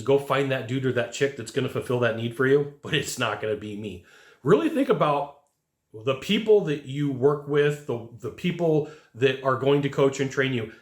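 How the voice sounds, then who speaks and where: Earnest sales coach man in an echoey room. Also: medium pitch. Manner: earnest, emphatic, quotes others in a raised voice. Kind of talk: motivational talk to camera.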